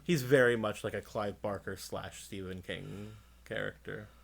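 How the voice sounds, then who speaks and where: A man's voice: lowish voice, fairly even intonation, unhurried, gravelly, a little hiss or hum. A young man co-hosting a casual comedy podcast, joking loosely and riffing on absurd bits. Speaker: podcast co-host.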